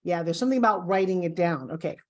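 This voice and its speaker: A woman's voice: lowish voice, fast. Upbeat woman coaching viewers directly. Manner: upbeat, talks straight to the viewer. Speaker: course instructor. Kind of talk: coaching video lesson.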